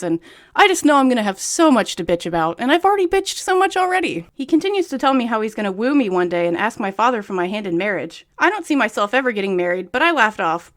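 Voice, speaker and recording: Young woman reading a book out loud fast, snarky nitpicky comments, casual chatty. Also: mid-range voice. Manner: sarcastic and nitpicky. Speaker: book reviewer reading aloud.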